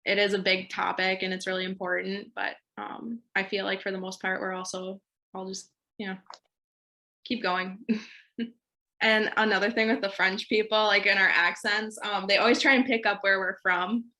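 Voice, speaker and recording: Bright-voiced chatty young woman. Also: medium pitch, flat delivery, moderate pace. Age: young adult. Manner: chatty, laughs easily, many fillers. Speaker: student panelist. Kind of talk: casual panel chat. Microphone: video call.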